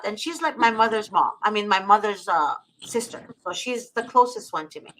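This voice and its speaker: Earnest woman with a bright voice. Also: medium pitch, animated, a little hiss or hum, poor audio. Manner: earnest, heartfelt, slow and deliberate when reading. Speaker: guest. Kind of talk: personal storytelling and prayer reading.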